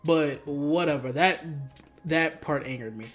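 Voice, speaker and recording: A young man giving a casual, rambling, profane film review, full of slang and sudden high-pitched outbursts of disbelief. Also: a little slow, a bit bright, soft background music. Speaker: YouTube movie reviewer.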